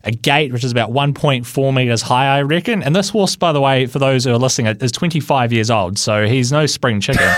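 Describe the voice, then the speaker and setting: A New man tells a story on air in a radio studio, laughing often and tripping over his own restarts. His voice sits in a middle pitch, and the sound is close and dry. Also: fairly quick, fairly bright tone, no echo. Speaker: radio producer.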